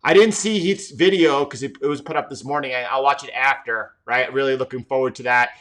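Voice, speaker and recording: A man hosts a live trading stream, giving market commentary emphatically while often repeating and restarting words. His voice is medium-pitched, a bit bright, and a little fast.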